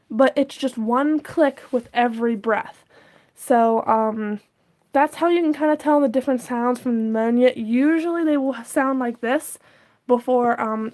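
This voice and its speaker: A young woman chatting casually in a vlog, explaining pet rat health and cooing at her pets now and then. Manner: chatty, talks to her pets in a high baby voice. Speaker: pet rat owner vlogger.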